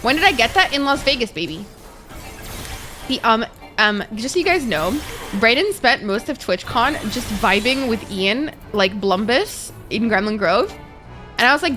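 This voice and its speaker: Young woman streaming games, kinda high voice, swears a lot, gets hyped fast, soft music under her. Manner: swears freely, chatty, excitable reactions. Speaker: game streamer. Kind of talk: casual live-stream chat.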